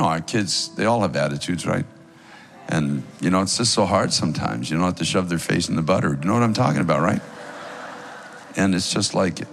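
Deep gravelly man praying at altar. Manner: earnest, pleading preacher cadence. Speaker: pastor leading altar prayer. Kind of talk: sermon prayer over music.

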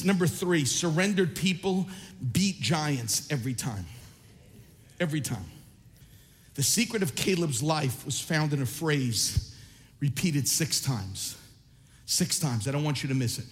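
A man preaching a sermon as pastor, impassioned and rising to shouts at times, then reading scripture more quietly. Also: fairly high pitch, in a large hall.

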